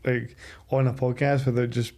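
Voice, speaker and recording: Flat, mellow man hosting. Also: mid-range voice, normal speed, slight background noise. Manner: hesitant, repeats words. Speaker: podcast host. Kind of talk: heartfelt casual chat.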